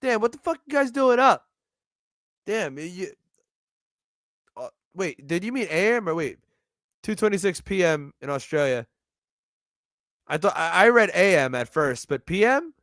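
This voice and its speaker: A man's voice: sits high, big pitch swings, measured pace, pauses often, fairly bright tone, no room sound, clean studio sound. A man with a New York accent giving sardonic, profane live commentary on a video he is watching. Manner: sardonic, profane, rambling asides. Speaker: streamer reacting to a video.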